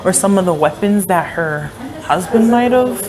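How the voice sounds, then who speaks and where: A young vlogger with a mid-range voice and lively intonation talks at a moderate pace over crowd noise. She's casually narrating her tour of a historic house to viewers, outdoors and in the tourist building, full of "like" and hesitant asides.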